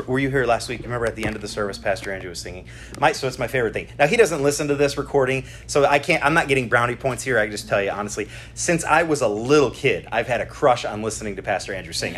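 Male pastor, middle-aged, husky voice, chatty sermon, keeps asking the room if they follow. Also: mid-range voice, a bit bright. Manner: chatty, keeps checking in with the congregation. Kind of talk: conversational sermon. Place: church service.

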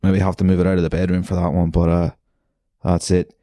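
A man's voice: deep voice, completely flat delivery, fairly quick, mellow, no echo. An Irish man hosting a podcast, rambling through a story with lots of swearing and self-mockery. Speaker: podcast host. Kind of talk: casual monologue. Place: bedroom.

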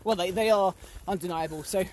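A man's voice: sits high, brisk, a little mellow, a little hiss or hum. Impassioned man ranting while walking outdoors. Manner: impassioned, repeated rhetorical questions. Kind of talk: casual chat.

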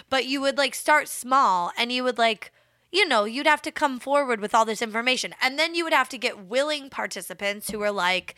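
A woman's voice: high-pitched, lively intonation, moderate pace, bright, forceful tone, no room sound, clean studio sound. A woman co-hosting a casual true-crime podcast, rambling with many fillers and acting out quotes. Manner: rambling, lots of "like", acts out quotes. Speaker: podcast co-host.

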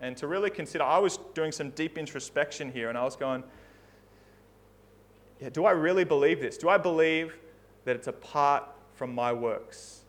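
A man's voice: a little high, normal speed. A man preaching a sermon in a church, earnest and conversational, often restarting his phrases. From Australia. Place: church hall.

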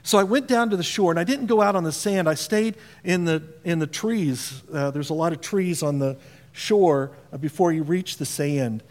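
Pastor preaching in a reverberant hall. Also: male voice, on the high side, moderate pace, a little mellow. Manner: conversational, asks the congregation questions. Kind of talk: sermon. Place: church auditorium.

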